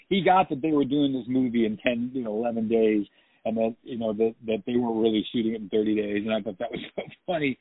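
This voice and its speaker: A man's voice: mid-range voice, fairly even intonation, quick pace, no echo. Male actor as interview guest, chatty storyteller who laughs easily, heard over a tinny, dry phone line.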